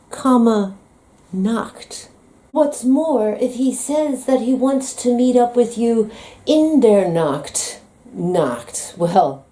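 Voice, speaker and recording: A woman's voice: on the high side, dark tone. An American woman talking in a comedic vlog monologue, playful, teasing and dramatic. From United States. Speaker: vlogger.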